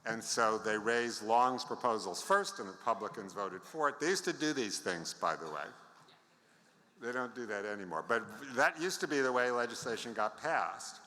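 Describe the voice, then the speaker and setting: An American man in his seventies gives a conference talk, sharing anecdotes with wry asides to the audience. His medium-pitched voice is animated and sharp at a normal speed, with the long reverb of a large hall.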